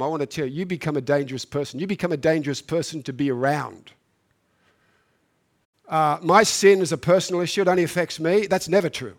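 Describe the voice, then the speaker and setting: A man's voice: a little high, a little fast. A man preaching a sermon, reading scripture and then speaking earnestly, building to emphatic peaks and often restarting his phrases.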